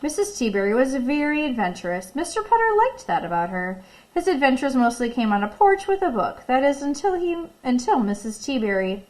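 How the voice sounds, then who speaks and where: A woman teacher with a high, light voice reads a picture book aloud for a recorded class. Her reading is lively and expressive. She often breaks off to ask the children questions and tell them to pause. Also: low-quality recording. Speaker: elementary school teacher.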